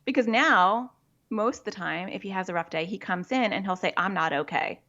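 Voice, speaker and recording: A woman's voice: medium pitch, brisk, a bit bright. A woman with a muffled voice explains to parents. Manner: explanatory, practical, often acts out parent and child quotes. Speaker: child therapist, guest. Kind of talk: podcast interview.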